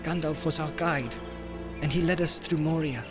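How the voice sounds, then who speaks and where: Man doing a small earnest hobbit, higher voice, sad and sincere. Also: normal speed, over music, natural voice. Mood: sorrowful.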